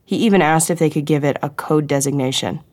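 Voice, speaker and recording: A woman's voice: sits low, a little mellow, no echo. A woman voicing a brash, eager young female field agent with a wisecracking manner. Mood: conspiratorial. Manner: quick, wisecracking, conspiratorial.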